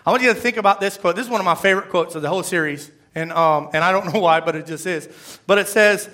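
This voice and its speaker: Man, pastor, bright, conversational sermon. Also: high voice, a little fast. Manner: conversational, asks the crowd for responses.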